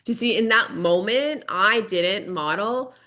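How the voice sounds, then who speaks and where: A woman's voice: mid-range voice, a little slow, sharp tone. A woman hosting a parenting podcast solo, earnest and repetitive, often checking in with "right?". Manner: earnest, repeats key points, frequent "right?".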